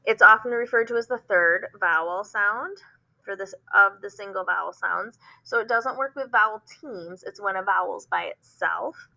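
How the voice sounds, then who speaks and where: A woman teacher explaining phonics, often pausing with "um" and sounding words out slowly. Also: mid-range voice, gravelly, pushed and bright, rough recording. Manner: explanatory, frequent "um" fillers, slow demonstrations of words.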